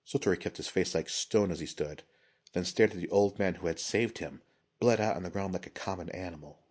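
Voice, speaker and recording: A man reading a fantasy story aloud as scripted narration, in a measured, steady way. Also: sits low, slightly rough. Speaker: audiobook reader.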